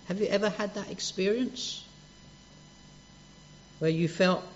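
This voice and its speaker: A man preaching a sermon, gentle and earnest, dropping soft on quoted words. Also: sits high, fairly even intonation, a little slow, a little hiss or hum. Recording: dull lo-fi church recording.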